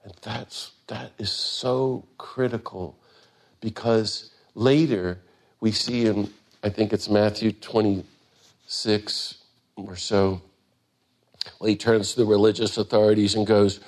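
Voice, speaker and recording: An older man giving an earnest, impassioned talk, climbing to emphatic peaks and then dropping quiet. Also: on the low side, steady tone, slow pace. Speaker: speaker on nonviolence.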